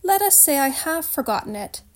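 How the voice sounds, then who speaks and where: A woman reading aloud, voicing a commanding male lion king in a calm, solemn, measured way. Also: sits high, voice pushed up.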